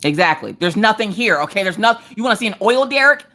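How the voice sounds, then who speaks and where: A woman with a medium-pitched voice talks quickly as she hosts a casual crafting livestream. Raised in the countryside of the eastern United States, she's animated and sassy, chatting directly to her viewers with plenty of energy.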